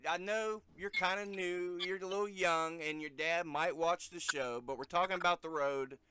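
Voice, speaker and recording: A man hosting a podcast, chatting casually and telling a story with animated energy. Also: sits high, moderate pace, crowd noise. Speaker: podcast host.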